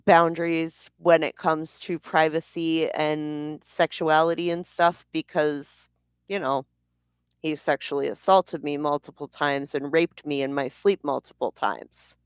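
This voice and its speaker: A woman's voice: low voice, steady tone, a little slow, clean tone, no echo, studio quality. A woman vlogger telling a personal story in a blunt, heated way, swearing freely. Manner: blunt, profane, heated retelling.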